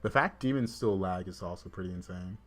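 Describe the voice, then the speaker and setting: A man's voice: deep voice, brisk. A man from the southern US with a Southern accent, chatting casually while streaming a game and saying "like" often. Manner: chatty, filler-heavy with "like". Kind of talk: casual livestream commentary.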